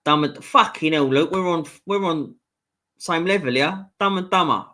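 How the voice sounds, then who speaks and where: A man hosts a live stream and reads viewer comments aloud. His voice sits a little high and sounds bright and forceful. He banters bluntly with the chat and swears freely. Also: a little slow.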